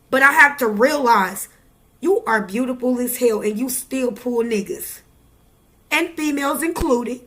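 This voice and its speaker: A woman speaks to camera in a casual vlog, giving the viewer a raw, preachy pep talk. Her voice sits high and sounds bright and clear. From Midwest United States. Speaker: tarot reader vlogger.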